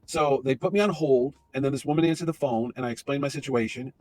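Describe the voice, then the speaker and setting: A man in his fifties tells a story at a rapid clip, words tumbling out. His voice sits at a middle pitch and is recorded dry and close, with no room sound around it. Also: no echo. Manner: animated, fast-talking storyteller. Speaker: interview guest. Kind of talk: storytelling anecdote.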